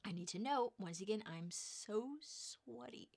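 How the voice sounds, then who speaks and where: A young woman vlogger telling a story in a casual, animated way, laughing often and acting out what other people said. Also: medium pitch, a little slow, gravelly. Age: young adult. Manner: animated, laughing, acts out quoted voices.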